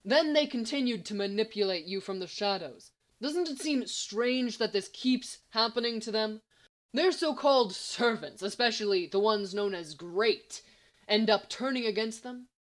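A woman's voice: fairly high pitch, moderate pace, close to an everyday voice. A woman reading as a smug male schemer. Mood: lecturing. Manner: confident, lecturing.

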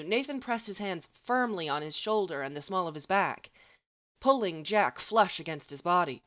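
A woman narrates a story with an expressive reading style. Her voice sits slightly low. The recording is dry and close, with no room sound. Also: moderate pace, no echo.

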